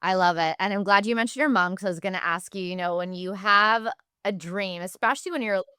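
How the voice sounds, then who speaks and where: A woman's voice: medium pitch, quick pace, bright, forceful tone, smooth, no room sound, clean studio sound. A woman hosting a podcast, asking a long, winding question full of fillers. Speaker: podcast host. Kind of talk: interview questions.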